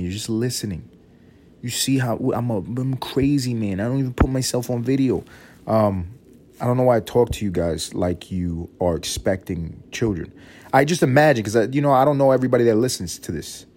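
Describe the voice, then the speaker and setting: A young man hosting a solo comedic podcast, rambling and profane, now and then jumping into shrill mock voices. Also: darkish tone. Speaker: podcast host.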